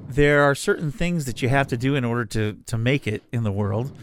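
A middle-aged man co-hosting a podcast in casual chat, animated and jokey. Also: mid-range voice, fairly quick. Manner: animated, jokey, laughs often. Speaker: podcast co-host, freelance voice talent.

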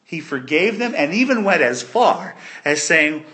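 A man preaching a sermon, retelling a story in an animated way that swings between loud and soft. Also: on the high side, moderate pace.

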